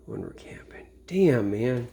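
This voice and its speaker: A man in a rambling late-night monologue, swearing freely and drifting from thought to thought. His voice sits at an ordinary middle pitch, and his sentences often trail off into quiet mutters. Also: lively intonation, slow pace. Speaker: vlogger.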